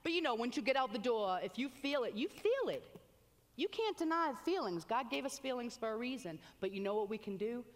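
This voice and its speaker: A woman preaching a sermon with animated exclamations, reading scripture aloud between comments. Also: fairly high pitch, quick pace, few pauses. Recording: long hall reverb.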